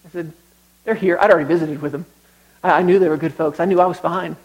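A man's voice: a little high, fairly even intonation, quick pace, low-quality recording. A young man preaching a sermon, telling stories conversationally and building to emphatic exhortation.

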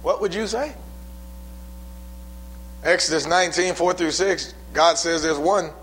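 A man's voice: a little high, a little slow, a bit bright, a little hiss or hum, rough recording. A man pastor preaching a sermon in a church, often building to emphatic, raised-voice passages.

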